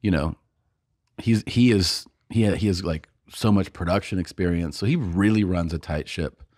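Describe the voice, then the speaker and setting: A man with a very low voice tells a rambling story on a podcast. He acts out what other people said and laughs often. The sound is dry and close to the mic. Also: normal speed, a little mellow, no room sound. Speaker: podcast co-host and comedian. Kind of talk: casual storytelling chat.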